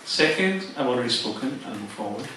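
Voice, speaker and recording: A man's voice: medium pitch, lively intonation, a little fast, pushed and bright, a little hiss or hum. A man presenting a religious seminar, explaining step by step, quoting scripture and using fillers. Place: temple seminar hall. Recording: very echoey hall, distant mic.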